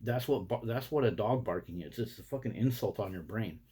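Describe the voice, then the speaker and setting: A man's voice: lowish voice, a little fast, mellow, breathy edge. A man delivering a blunt, indignant, profanity-laced rant to camera as a vlogger. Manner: blunt, indignant, heavy swearing.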